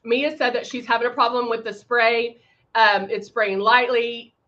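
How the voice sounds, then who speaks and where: Woman, makeup livestream host, chatty, bright tense voice, dull lo-fi sound. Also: on the high side, fairly even intonation, unhurried. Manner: chatty, greets viewers by name, frequent ums. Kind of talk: casual live tutorial chat.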